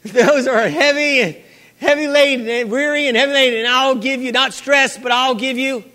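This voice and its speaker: High-voiced preacher in an echoing hall. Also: male voice, steady tone, normal speed, bright, forceful tone. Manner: repeats phrases, calls for amens. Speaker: pastor. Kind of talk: sermon. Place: church hall. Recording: long reverb of a big hall.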